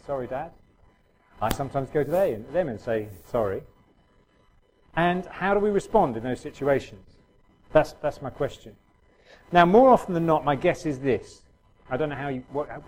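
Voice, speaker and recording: A middle-aged man preaches in a relaxed, conversational way, stumbling through restarts and fillers as he talks to the congregation. His pitch sits in an ordinary middle range. A faint noise runs under the recording. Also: low-quality recording. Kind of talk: sermon.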